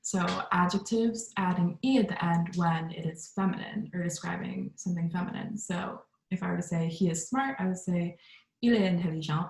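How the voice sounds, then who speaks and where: A woman's voice: on the low side, normal speed, creaky, hardly any pauses, reverberant, poor audio. A young woman giving a class presentation, talking casually with frequent ums and likes. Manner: relaxed, with many ums and likes. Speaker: student presenter.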